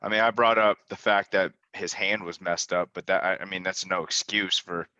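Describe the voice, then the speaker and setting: Deep-voiced man on a dull, dry line. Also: fairly even intonation, pushed and bright, no room sound. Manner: halting, many restarts, firm verdicts. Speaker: co-host. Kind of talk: postgame fan reaction talk.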